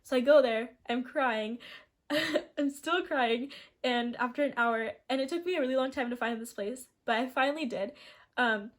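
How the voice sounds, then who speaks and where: A young woman in her late teens tells a long storytime for her vlog in a voice pitched a little high. She talks in a loose, rambling way, full of "like" and restarts, and laughs often as she goes. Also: normal speed. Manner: chatty and rambling, heavy use of "like", frequent restarts. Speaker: vlogger.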